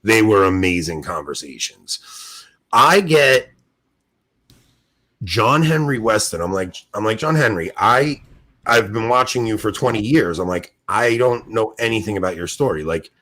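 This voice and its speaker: Excited storytelling podcast guy. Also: fairly low pitch, unhurried. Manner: excited storyteller, animated, laughs often. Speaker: podcast co-host. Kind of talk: casual podcast chat.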